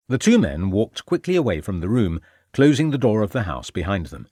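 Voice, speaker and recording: A man narrating a mystery audiobook in a measured, expressive storytelling manner. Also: fairly low pitch, husky, no echo, studio quality.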